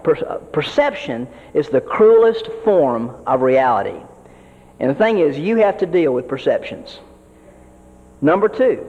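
A man preaching as a pastor, earnest and folksy, often repeating words as he builds each point. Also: sits high. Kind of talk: sermon to fellow ministers. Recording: dull audio with long hall reverb.

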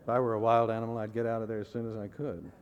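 A man preaching a sermon in a measured way, repeating key phrases and putting rhetorical questions to his listeners. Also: on the low side, little pitch movement, long reverb tail, lo-fi sound, a little hiss or hum. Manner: asks the audience rhetorical questions.

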